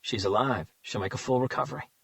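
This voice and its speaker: A weary male detective talks in a low, terse, steady voice, acted by a male narrator. He sounds plain and hard-edged. The recording is dry and close. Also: fast talker, gravelly, no room sound. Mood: stern.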